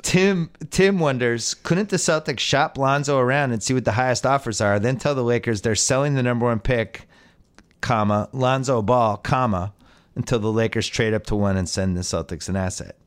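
A man's voice: mid-range voice, normal speed, smooth. A man hosting a casual sports podcast, reading out listener questions and giving wry, opinionated answers. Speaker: podcast host.

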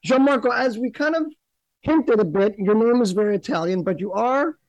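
A man's voice: high voice, moderate pace, dry recording, dull audio. A man hosting a talk show, interviewing a comedian with long, rambling questions. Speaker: radio show host.

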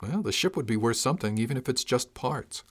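A man's voice: medium pitch, lively intonation, fairly quick, a bit bright, pitched above the performer's own voice. A man voicing a nervous, suspicious young ship's astrogator who talks eagerly. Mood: anxious.

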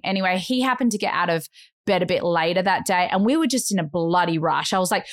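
A woman's voice: on the low side, animated, quick pace, no room sound, clean studio sound. An Australian woman in her thirties, a podcast co-host telling a story in casual chat. She talks animatedly, acts out other people's voices and says "like" a lot.

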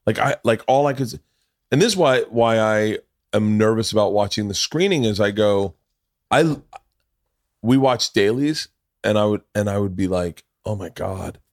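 A man's voice: lowish voice, moderate pace, no echo, clean studio sound. Rambling middle-aged male podcast host. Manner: rambling, profane storytelling that acts out other people's lines. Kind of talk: casual chat.

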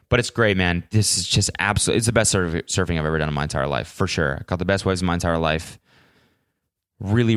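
A young man hosts a solo podcast, rambling through stories casually with plenty of swearing and filler words. His voice is fairly low and a bit bright, captured in clean studio sound with no echo.

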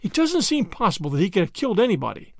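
A man plays a flustered old grandmother in a storybook reading. Her voice sits high and swoops about as she chatters and frets. She is gossipy and easily alarmed. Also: wildly swooping pitch, fast talker, creaky, darkish tone, no room sound, studio quality, heavily acted. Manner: fussy, breathless, easily flustered.

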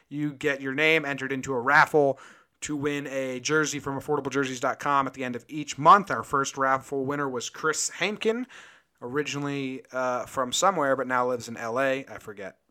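A man's voice: medium pitch, a little fast, bright, forceful tone, clear, resonant tone. A man hosting a casual sports podcast, easygoing and joking, who also reads out the supporter thank-yous. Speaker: podcast host. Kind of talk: casual chat and sponsor read.

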